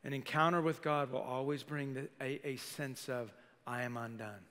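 A male senior pastor preaching a lively sermon to a congregation, acting out quoted voices and putting questions to the crowd. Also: mid-range voice, moderate pace. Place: church sanctuary. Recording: live sermon in a reverberant church hall.

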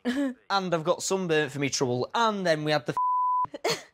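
A man's voice: a little high, sing-song, moderate pace, a bit bright. A man chatting casually and cheekily with his sister while watching TV, swearing and laughing often. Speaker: TV viewer commenting.

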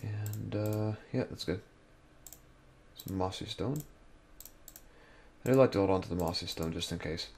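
A man's voice: fairly low pitch, a little slow, vocal fry, pauses often, a little mellow, slight background noise. A young man giving casual gameplay commentary, muttering to himself as he sorts items and explores, sounding sleepy and yawning. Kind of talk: casual let's-play commentary.

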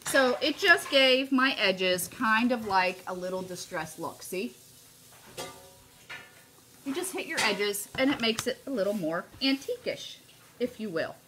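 A woman's voice: fairly high pitch, expressive, unhurried, noisy background. A middle-aged woman chatting casually through a live home craft tutorial, often calling viewers "you guys". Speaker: craft demonstrator.

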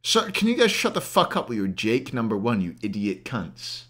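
A man's voice: medium pitch, wildly swooping pitch, moderate pace, fairly bright tone. A young man in a casual live stream, ranking players and ranting at his chat with plenty of swearing, hungover. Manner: swears a lot, rants at chat.

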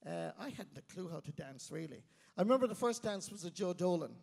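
Gravelly high-voiced Irish man telling stories. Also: fairly quick. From Ireland, County Clare. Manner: animated, self-mocking anecdotes. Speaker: guest. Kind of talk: storytelling interview. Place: live stage before an audience. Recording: long reverb of a live venue.

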